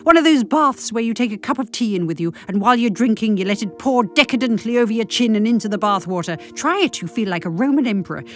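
A woman reading a comic monologue with dry, deadpan delivery. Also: fairly high pitch, fast talker, few pauses, soft background music. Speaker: comic storyteller.

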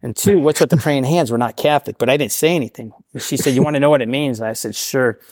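A middle-aged man from the Portland area telling his recovery story in a casual, animated way, acting out the voices of the people in it. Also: mid-range voice, fast, dry recording, studio quality. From Portland, Oregon area. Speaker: guest sharing recovery story.

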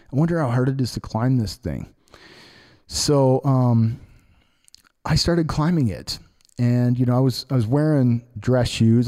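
A man's voice: medium pitch, dark tone. A man hosting a podcast, telling a personal story casually with lots of fillers and restarts. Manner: rambling, many fillers and restarts. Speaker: podcast host.

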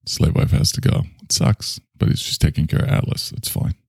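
A man with a darkish voice hosts a casual solo podcast, recorded clean in a studio with no echo. Nursing a bad back, he rambles and pokes fun at himself, swinging between grumbling and enthusiasm.

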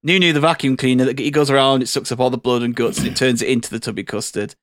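A man co-hosting a comedy podcast, rambling and hesitant as he spins a dark joke premise. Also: mid-range voice, fairly even intonation, very fast, dry recording, clean studio sound. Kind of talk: comedic storytelling chat.

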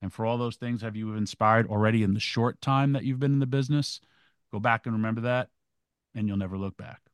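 Deep-voiced middle-aged man, earnest storyteller. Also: brisk, clear, resonant tone, no echo. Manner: earnest, intense storytelling with profanity. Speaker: co-host. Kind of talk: casual interview chat.

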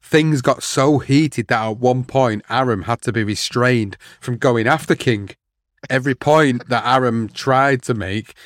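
A man's voice: mid-range voice, no room sound, clean studio sound. A man hosting a boxing history show, telling the story steadily and reading out quotes. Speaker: podcast host.

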